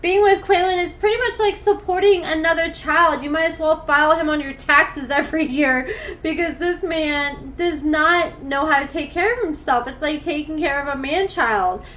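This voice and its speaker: A woman's voice: sits high, moderate pace, a bit bright. A woman hosting a gossip commentary channel, reading messages aloud with blunt, sarcastic asides into a desktop studio mic. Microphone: desktop USB studio mic.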